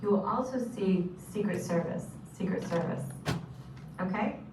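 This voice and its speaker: Patient woman teaching signs in an echoey room. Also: mid-range voice. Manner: patient, repeats each term slowly. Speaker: sign language teacher. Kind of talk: instructional explanation. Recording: echoey room from a distance with noise.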